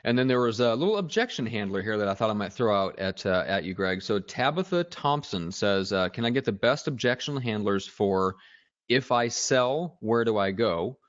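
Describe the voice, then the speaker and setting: A man hosting a casual podcast, moving between topics with plenty of hesitations. His voice sits low and close to the mic. The audio is dry and a bit dull. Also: moderate pace, no room sound. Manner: relaxed, hesitant with many "uh" fillers. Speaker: podcast host.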